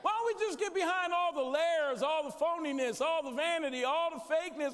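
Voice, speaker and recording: High-voiced male preacher, call-and-response, booming through a reverberant sanctuary. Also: fairly quick, few pauses. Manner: shouts at peaks, drops low and quiet elsewhere. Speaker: guest preacher. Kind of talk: conference sermon. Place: large church sanctuary. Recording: echoey church hall.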